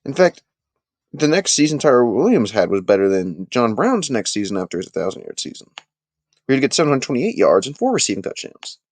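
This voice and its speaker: A man hosting a casual live sports talk stream, chatting with his viewers and making animated, emphatic points. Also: medium pitch, a little fast, no room sound.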